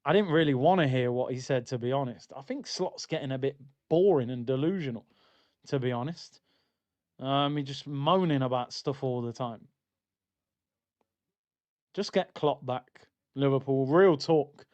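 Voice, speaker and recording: A man's voice: mid-range voice, moderate pace, darkish tone, muffled recording. A man hosting a football watchalong stream, chatting loosely and reading out viewer comments. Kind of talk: casual live-stream chat.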